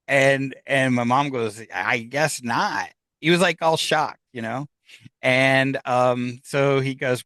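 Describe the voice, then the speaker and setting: A man's voice: mid-range voice, fairly even intonation, measured pace, fairly bright tone, dry recording. A man telling a personal story in casual conversation, acting out the voices of the people in it. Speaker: guest.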